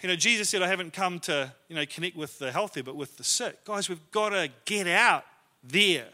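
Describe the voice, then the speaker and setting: A male pastor preaches in a church, his voice high for a man and very bright. He tells stories in a loose, conversational way, poking fun at himself as he goes. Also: expressive, moderate pace. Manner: storytelling, conversational and self-deprecating. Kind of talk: sermon.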